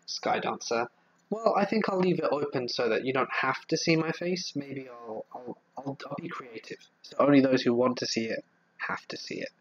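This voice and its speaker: A man with a Southeast English accent hosting a casual live stream, reading viewer comments aloud and answering them in a relaxed, rambling way. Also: medium pitch, moderate pace, breathy edge, lo-fi sound. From England.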